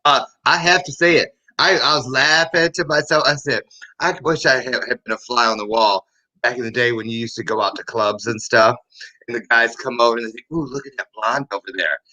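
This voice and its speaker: A man's voice: medium pitch, steady tone, fairly quick, sharp tone, poor audio. A man hosting a talk show interview in a playful, joking manner. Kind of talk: interview conversation.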